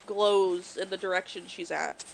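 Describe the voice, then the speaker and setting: A woman's voice: lowish voice, steady tone, a little slow, creaky, low-quality recording. A woman as a player in a tabletop game, speaking with hesitant fillers.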